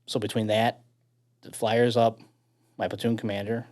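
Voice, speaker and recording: A man's voice: fairly low pitch, flat delivery, normal speed, a little mellow. A man with a Chicago accent, a firefighter guest, telling a story in casual chat, laughing often and swearing freely.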